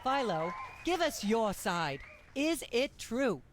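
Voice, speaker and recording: A woman's voice: on the high side, very animated, takes it slowly, music in the background, crowd noise. An actress playing a smug, condescending middle-aged female talk show host in a video game, with a sanctimonious delivery.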